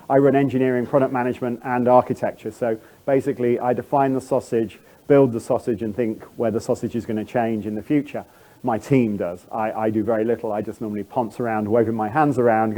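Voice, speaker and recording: A man's voice: mid-range voice, dark tone. A middle-aged man with a standard British English accent giving a chatty, self-deprecating conference talk, full of fillers and restarts. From England. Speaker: conference speaker.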